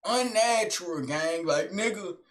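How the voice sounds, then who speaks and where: Young man, high-pitched voice, animated slangy storytelling, mumbled low asides. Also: a little slow. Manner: animated, slangy street talk with lots of filler tags. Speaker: vlogger. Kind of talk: casual storytelling monologue.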